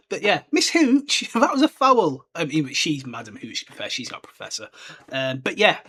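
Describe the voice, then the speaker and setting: Lively, rambling young man. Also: on the high side, normal speed, husky. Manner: chatty and rambling, full of fillers. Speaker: podcast host. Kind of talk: casual solo book discussion.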